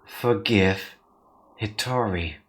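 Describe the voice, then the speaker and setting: A man voicing a dark shadow spirit in a visual novel, speaking in a low, hollow, accusing way. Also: very slow.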